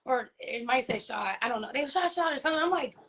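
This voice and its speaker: A woman speaking as an interview guest, telling of personal loss in a halting, heartfelt way, often pausing and asking whether she is understood. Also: on the high side, a bit bright. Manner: halting, heartfelt, many fillers and restarts, often asks "you know what I mean?". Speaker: interview guest, grieving mother and author. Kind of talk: emotional personal testimony in an interview.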